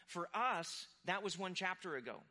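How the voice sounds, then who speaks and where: Young male pastor, bright and forceful sermon voice, casual storyteller. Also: high-pitched, normal speed. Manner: animated, acts out quoted voices.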